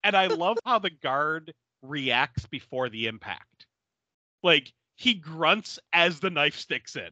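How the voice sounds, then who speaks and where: A man on a podcast, recapping a bad movie in casual chat. His voice is bright and fairly high, and it swings widely as he laughs and acts out the characters. The sound is dry and slightly dull. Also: takes it slowly, no echo. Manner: laughing often, animated retelling with quoted voices. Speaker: podcast co-host.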